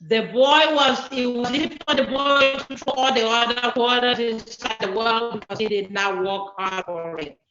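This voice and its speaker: A woman's voice: on the high side, normal speed, few pauses, a bit bright, a little hiss or hum. A woman telling a children's story at a church service, speaking expressively and addressing the children directly. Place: church sanctuary. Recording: echoey church hall, dull sound.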